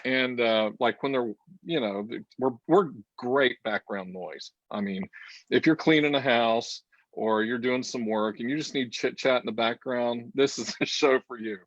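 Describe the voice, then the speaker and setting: A man's voice: medium pitch, a little slow, dull audio. A man co-hosting a casual chat show over a video call, rambling and laughing often. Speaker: co-host.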